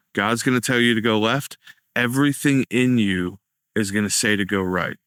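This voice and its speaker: A man's voice: on the low side, a bit bright, clear, resonant tone, no echo, studio quality. A young man earnestly tells his recovery testimony, acting out the dialogue he quotes. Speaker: testimony speaker.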